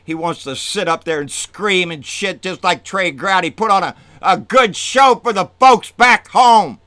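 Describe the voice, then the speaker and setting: A man delivering an angry, profane political rant on his own channel, swinging from low muttering to loud outbursts. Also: measured pace, no room sound. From Texas. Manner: profane, fired-up, swings between muttering and shouting. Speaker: political vlogger.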